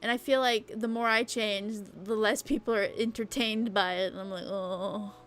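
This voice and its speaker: A woman's voice: a little high, fairly even intonation, normal speed, a bit bright. A young woman streaming a casual late-night chat, rambling and chatty, peppering her talk with "like" and the odd swear word. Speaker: VTuber streamer.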